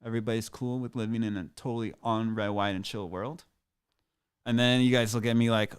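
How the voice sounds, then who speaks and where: A man's voice: fairly low pitch, steady tone, brisk, clean tone. A man hosting a comedic podcast solo, rambling in a boastful, sarcastic, mock-grandiose way. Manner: self-aggrandizing, sarcastic, rambling. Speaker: podcast host.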